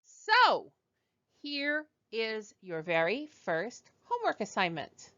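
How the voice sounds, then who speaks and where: A woman teaching a beginner French lesson, slowly drilling pronunciation with patient, demonstrative repetition. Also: fairly high pitch, wildly swooping pitch, a bit bright, dull audio.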